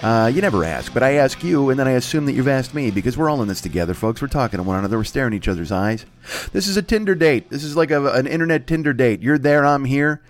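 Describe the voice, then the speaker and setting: A man's voice: medium pitch, animated, fast talker, soft background music. A man in his forties hosting a solo podcast from his apartment, rambling and swearing as he talks straight to his listeners. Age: 40s. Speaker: podcast host. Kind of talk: solo comedic rant. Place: apartment room, alone.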